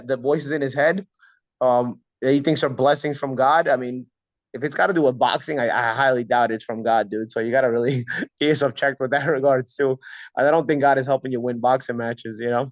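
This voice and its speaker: A man's voice: mid-range voice, steady tone, a little fast, dry recording, dull audio. A man hosting a casual boxing talk show, stuffed up with a cold, talking bluntly and repeating himself. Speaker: podcast host.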